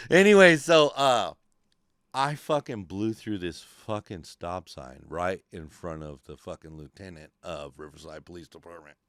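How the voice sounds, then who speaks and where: A California podcast host spins a casual story in a podcast studio, cursing constantly and acting out the voices of the people in it. His lively voice jumps up and down in pitch, smooth and full, and he takes it slowly. The room is dry and close with no room sound.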